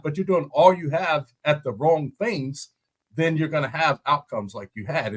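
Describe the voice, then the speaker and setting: A man, a former football lineman, breaking down a game on a podcast in animated, story-driven casual chat, laughing often. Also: medium pitch. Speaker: guest analyst, former NFL lineman.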